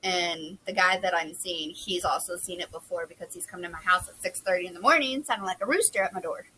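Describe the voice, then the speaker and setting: A woman's voice: on the low side, a little fast, sharp tone, a little hiss or hum, low-quality recording. Chatty young woman outdoors. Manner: chatty, rambling, self-deprecating. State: losing her voice. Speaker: book vlogger. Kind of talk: casual chat. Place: covered front porch outdoors. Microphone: phone camera.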